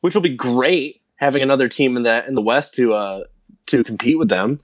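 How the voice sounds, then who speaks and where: A man's voice: mid-range voice, fairly quick, no echo. A man co-hosting a casual sports podcast, quoting stats in an enthusiastic way and laughing easily. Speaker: podcast co-host.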